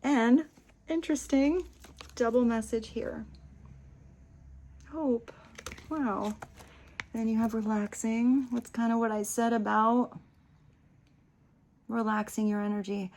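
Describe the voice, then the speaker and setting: A woman giving a casual tarot reading, gentle and chatty, dropping to soft near-whispers on spiritual lines and laughing often. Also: fairly high pitch, fairly even intonation, slow pace, long pauses. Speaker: tarot reader. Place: home room with small table.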